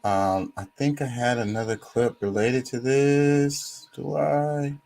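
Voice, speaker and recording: A man's voice: medium pitch, steady tone, slow pace, creaky, a little mellow. A man hosting a casual talk show, speaking with passion and swearing freely. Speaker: podcast host. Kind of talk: casual chat.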